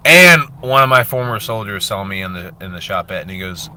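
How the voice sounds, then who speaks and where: A man in his thirties from Florida, hosting a casual fitness livestream, reading chat aloud and telling stories with animated jokes. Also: sits low, moderate pace. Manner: animated joking storyteller, reads chat aloud. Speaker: fitness livestream host, former drill sergeant.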